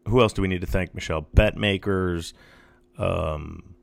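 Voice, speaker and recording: A man's voice: sits low, fairly even intonation, moderate pace, vocal fry. A man co-hosting a horse racing podcast, chatting casually in an easygoing, rambling way with fillers. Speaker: podcast co-host. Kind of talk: casual chat.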